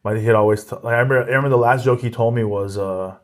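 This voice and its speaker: A male comedian talking in a loose, rambling way, stopping and restarting his sentences and breaking into laughter often. His voice sits at an ordinary middle pitch. It sounds like a relaxed sit-down interview. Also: rapid-fire. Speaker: comedian guest. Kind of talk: casual interview chat.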